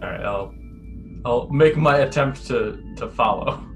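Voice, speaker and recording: A man's voice: medium pitch, measured pace, vocal fry, soft background music. A man playing in a tabletop game, speaking in a hesitant, tentative way. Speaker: player.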